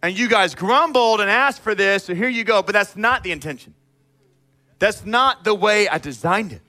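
High, bright-voiced animated preacher man. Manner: animated and emphatic, acting out people in quick asides; direct, calls out the congregation. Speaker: pastor. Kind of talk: sermon.

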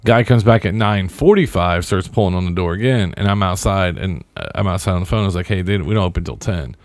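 A man in his thirties co-hosts a casual podcast, speaking fast in a low voice with no room sound. He tells a long story in a laid-back, wry way, acting out what others said.

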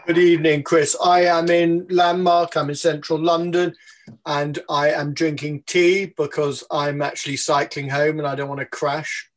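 A man's voice: fairly high pitch, flat delivery, normal speed. Upbeat man on a video call. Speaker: guest. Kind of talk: casual video-call chat. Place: central London.

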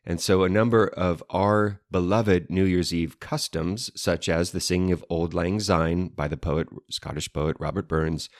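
A man's voice: deep voice, steady tone, unhurried, few pauses, no echo. A man co-hosting a casual podcast with his wife, dry and playful, explaining history with wordy flourishes. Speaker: podcast co-host.

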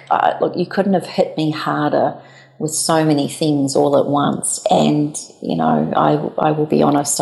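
A woman in her forties, a guest telling her personal story candidly, with halting restarts. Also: deep voice, creaky, a little mellow. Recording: echoey room.

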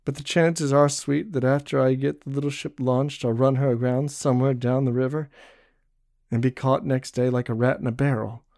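A male narrator voicing a devoted young man who speaks quietly and resolutely. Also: mid-range voice, fairly even intonation, normal speed, no room sound, clean studio sound, close to an everyday voice.

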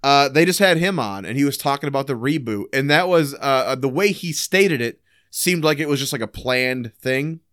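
A man co-hosting a podcast in casual chat, loose and profane, acting out scenes in quick voices. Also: medium pitch, lively intonation, a bit bright, no room sound, clean studio sound. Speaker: podcast co-host. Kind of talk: casual chat about old sitcoms.

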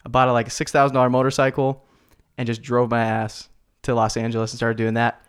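A man's voice: mid-range voice, monotone, fast, clean tone. Laid-back young man telling a story. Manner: laid-back, slangy, lots of "like" and "dude". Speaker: guest. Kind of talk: casual storytelling.

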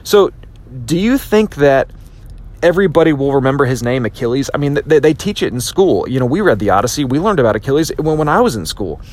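A man's voice: medium pitch, quick pace. A man hosting a podcast, giving a motivational talk with frequent restarts and acted-out quotes. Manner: animated, repetitive restarts, acts out quotes. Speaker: podcast host.

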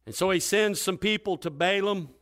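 A male preacher retelling a scripture story in a lively, dramatic sermon style. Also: high-pitched, normal speed. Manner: lively, dramatic retelling with wide swings in loudness.

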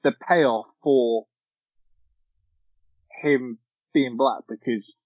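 A man's voice: medium pitch, drawn-out words, no echo. Male co-host, casual chatty film talk; dry, muffled podcast audio. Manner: relaxed, chatty, quotes film lines with amused laughter.

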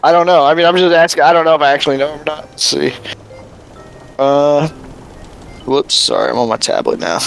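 A man's voice: fairly high pitch, expressive, brisk, vocal fry, pauses often, soft background music. A man playing in a tabletop game, chatty and laughing often. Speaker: player. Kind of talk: casual tabletop game chat.

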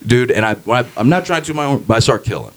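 A man's voice: mid-range voice, quick pace. A man, a stand-up comedian, telling a story in a casual podcast chat, swearing freely and acting out the people in it. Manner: animated, swearing, acts out quoted voices.

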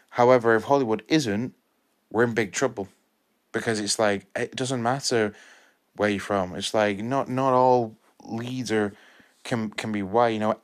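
Earnest young man, fired-up monologue. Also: lowish voice. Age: 20s. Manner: earnest, repeats himself, halting restarts. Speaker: podcast film reviewer. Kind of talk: impassioned solo monologue.

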